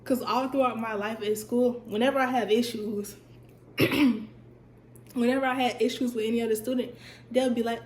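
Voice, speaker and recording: A young woman vlogger tells a storytime in a fairly high voice at a moderate pace, pausing often. She's chatty, animated, and emphatic, repeating things for effect, while her voice sounds stuffy and cuts in and out. The room is echoey, with a little hiss or hum.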